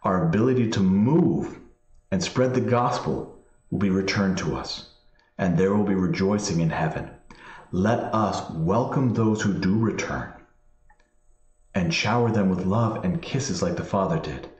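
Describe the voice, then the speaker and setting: A man, a priest, slowly reading scripture and then explaining it in plain spoken asides. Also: low voice, a little mellow, lo-fi sound. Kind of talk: Bible study commentary. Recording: echoey room sound.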